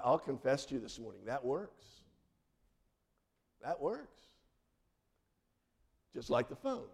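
A middle-aged male pastor giving a sermon, earnest, with dramatic drops into soft, quiet phrases. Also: medium pitch.

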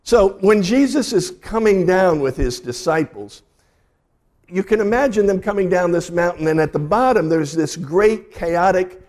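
A pastor preaching to his congregation, telling the story with animated asides. His voice sits a little higher than most men's. His delivery is conversational and vivid. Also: normal speed. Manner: storytelling, animated retellings of scripture. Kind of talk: sermon.

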